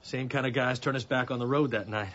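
An actor playing a beaten, hunted young farmhand on the run in a radio drama, weak and hurt, speaking in a low, blunt, tired rural drawl. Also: male voice, steady tone, fast, a bit bright, natural voice. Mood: grim. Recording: slightly dull, with faint hiss.

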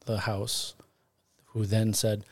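A podcast co-host with a lowish, monotone voice speaks slowly, recorded dry on a studio podcast mic. He retells a story in a rambling, casual way, correcting himself and cracking jokes along the way.

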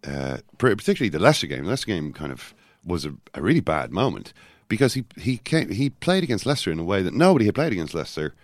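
Very deep-voiced rambling man. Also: quick pace, few pauses, no room sound, studio quality. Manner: rambling, self-interrupting, animated asides. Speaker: podcast co-host. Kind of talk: casual football chat.

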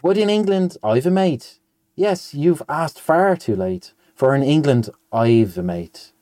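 A man's voice: on the high side, expressive, a little slow, warm tone, no echo, studio quality, voice pushed up. A man voicing a wistful, sad lady from a nonsense poem in a raised, sing-song voice. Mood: regretful. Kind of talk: reading a nonsense poem aloud.

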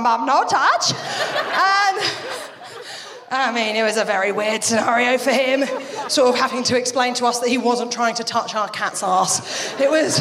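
A woman's voice: a little high, long reverb tail. A British woman in her thirties performing a live, chatty stand-up routine and breaking into character voices. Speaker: stand-up comedian.

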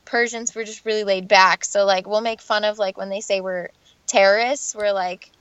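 A woman in her twenties from the United States, chatting casually as a guest. She talks fast and full of "like", and laughs a lot. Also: mid-range voice, fairly even intonation, a bit bright, clear, resonant tone, no echo, muffled recording. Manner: chatty, lots of "like", laughs often. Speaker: guest, singer. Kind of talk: casual podcast chat.

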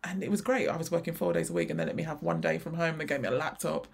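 A woman's voice: sits low, big pitch swings, rapid-fire, vocal fry, breathy edge. A woman in her forties, a chatty interview guest who laughs often and restarts her sentences. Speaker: guest, freelance graphic designer. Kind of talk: casual interview chat.

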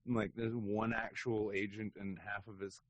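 A man co-hosting a podcast in casual chat, ranting with animated, profane bursts that sometimes break into shouting. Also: lowish voice, normal speed. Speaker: podcast co-host.

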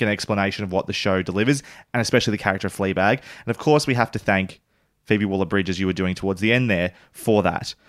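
A man chats casually as a podcast co-host, rambling loosely and halting over his words. His voice is recorded close and dry, with no room echo. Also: fairly low pitch, a bit bright.

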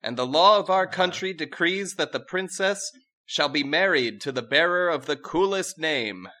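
A man's voice: a little high, animated, normal speed, pushed and bright, voice pushed up. A man voicing a rebellious fourteen-year-old princess who hands out pompous, crude royal decrees. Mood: regal decree. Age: 14 (figure). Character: rebellious teenage princess, brash and regal.

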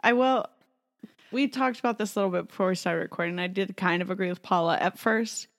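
A woman with a Midwestern American accent, co-hosting a podcast in wry casual chat, quick to laugh. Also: medium pitch. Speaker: podcast co-host.

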